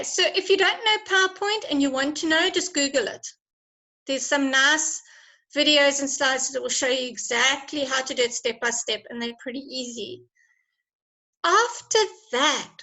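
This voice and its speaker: Bright, high-voiced encouraging woman teacher. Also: low-quality recording. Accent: South African. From South Africa. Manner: encouraging, chatty, laughs often. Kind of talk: online class lesson.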